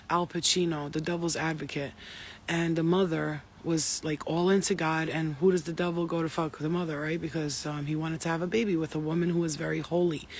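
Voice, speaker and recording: A woman's voice: low voice, slight background noise. A woman giving an intuitive spiritual reading to her viewers, talking in a profane, emphatic and preachy way. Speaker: spiritual reader.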